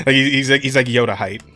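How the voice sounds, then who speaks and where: A man's voice: mid-range voice, pushed and bright. A young man co-hosting a casual podcast, talking about games in an enthusiastic, rambling way, swearing and laughing often. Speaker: podcast co-host.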